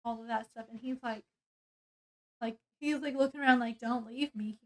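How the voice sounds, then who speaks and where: High-voiced woman rambling through a plot. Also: steady tone, moderate pace. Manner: rambling, lots of fillers and restarts. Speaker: book reviewer. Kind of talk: casual plot retelling.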